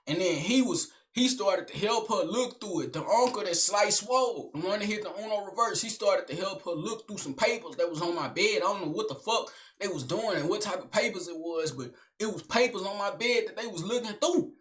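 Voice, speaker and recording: A young man recounts a family fight in loose, slangy street talk, animated and blunt. His voice sits high and bright, with a sharp edge when he gets worked up. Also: brisk, hardly any pauses. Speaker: storyteller. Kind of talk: casual storytime vlog.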